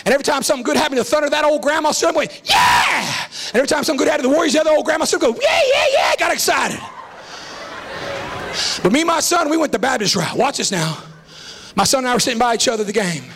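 A man preaches a fiery revival sermon in a church, shouting his lines and repeating them for emphasis. His voice sits very high and sounds bright and forceful. A gravelly edge runs through it. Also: racing, a little hiss or hum. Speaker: visiting preacher. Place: church sanctuary.

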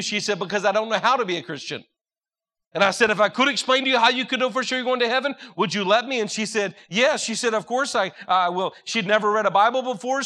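A man's voice: sits high, bright, forceful tone. A young man preaching a sermon in an earnest, direct way, telling personal stories to a congregation.

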